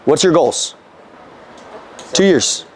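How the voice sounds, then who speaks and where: A young man with a high, bright-sitting voice runs a motivational sales training session. He talks casually and with energy, swearing freely and firing questions at the people in the room. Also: animated, slow pace.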